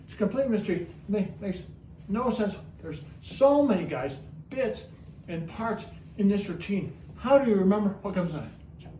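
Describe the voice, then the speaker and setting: A man hosting a trained parrot show, chatty and animated as he coaxes his bird through its tricks. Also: high-pitched, normal speed, a little hiss or hum. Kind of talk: showman's patter with a pet bird. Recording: echoey room, voice from far off, faint ambience.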